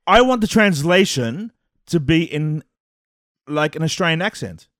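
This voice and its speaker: Animated man, dry close sound. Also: a little high, unhurried, dry recording. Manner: animated, swears freely, stumbles over words. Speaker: podcast co-host. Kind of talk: casual chat.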